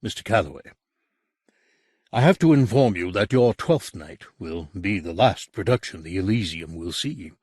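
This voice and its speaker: A man voicing a persuasive, cultured older gentleman who speaks in a measured, grave way. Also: low-pitched, lively intonation, slightly rough, dry recording, studio quality.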